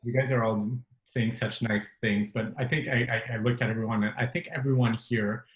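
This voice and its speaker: A man hosting a webinar round table, calmly explaining over a video call. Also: medium pitch, fairly quick. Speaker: host. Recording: echoey room.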